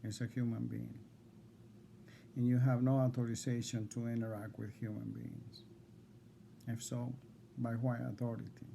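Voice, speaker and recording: A man reading out insistent legal demands to a court evaluator, repeating himself and halting on fillers. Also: mid-range voice, little pitch movement, vocal fry, mellow, a little hiss or hum. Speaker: defendant addressing a court evaluator. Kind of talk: confrontational legal declaration.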